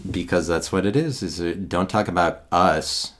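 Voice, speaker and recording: A man from the American Midwest giving a rambling, digressive solo monologue into a handheld recorder, halting and sardonic by turns. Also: low voice, a bit bright.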